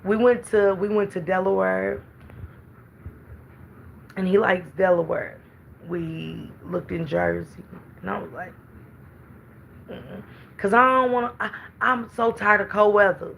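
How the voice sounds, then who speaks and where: Chatty middle-aged woman with a gravelly edge. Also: medium pitch, steady tone, unhurried, long pauses, fairly bright tone, slight background noise. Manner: chatty, greets viewers by name. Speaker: livestream host chatting with viewers. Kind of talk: casual livestream chat.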